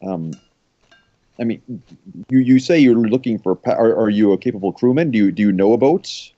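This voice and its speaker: A man's voice: on the low side, moderate pace, no room sound, close to an everyday voice. A man playing a stammering courtly noble. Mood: flirting. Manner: stammering, courtly speech with many restarts. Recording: dull lo-fi mic.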